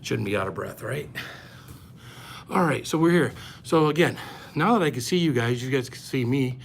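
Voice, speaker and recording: Indoors upstairs, the host of a pepper-eating channel chats casually into a nearby phone camera, welcoming viewers by name while slightly out of breath. He speaks at a moderate pace in a mid-range voice, with a little hiss or hum in the recording.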